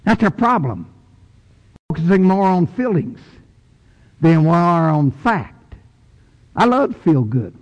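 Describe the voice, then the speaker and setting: A man's voice: fairly high pitch, very animated, takes it slowly, pauses often, highs cut off. Emphatic man preaching in a reverberant hall. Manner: emphatic, swings from loud to soft. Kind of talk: sermon. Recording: long church reverb.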